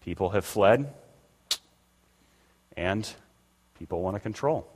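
A man's voice: fairly low pitch, animated, takes it slowly, a little mellow. An older man preaching a conversational sermon as pastor, acting out the voices he quotes. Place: church sanctuary. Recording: long reverb of a church hall.

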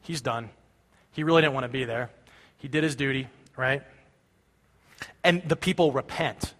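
Speaking at normal speed with a mid-range, slightly bright voice, a pastor gives a relaxed sermon. He talks conversationally and keeps checking in with his listeners by saying "right?", all heard through long hall reverb.

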